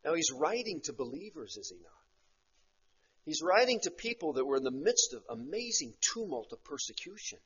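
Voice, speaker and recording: A man preaching an expository sermon, slowing on key phrases and often tagging rhetorical questions onto his points. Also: fairly high pitch, sing-song, a bit bright, husky. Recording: muffled lo-fi recording.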